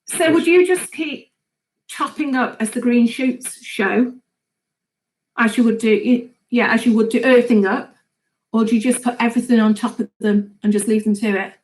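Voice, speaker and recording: A woman's voice: fairly high pitch, normal speed, a little mellow, poor audio. A woman hosting a gardening live chat, chatting casually and laughing often as she reads viewer comments aloud.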